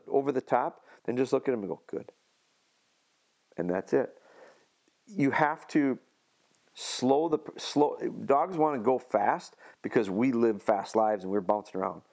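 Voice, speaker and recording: A man's voice: medium pitch, a little mellow. A man casually explaining dog training on a podcast, leaning on homespun analogies and restarting his sentences often.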